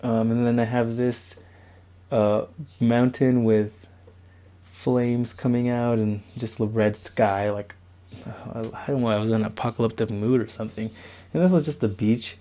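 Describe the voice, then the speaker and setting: A man's voice: medium pitch, fairly even intonation, moderate pace, mellow. A young man casually rambling through a tour of his bedroom walls, loose and self-mocking, recorded on a camera mic. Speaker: vlogger. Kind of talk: casual room-tour vlog. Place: bedroom at home.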